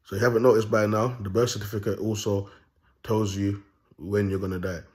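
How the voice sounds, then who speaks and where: A man's voice: on the low side, little pitch movement, a little fast, darkish tone. A young man delivering an unscripted monologue as a self-styled prophet, talking raw and bold in street slang with rambling repeats.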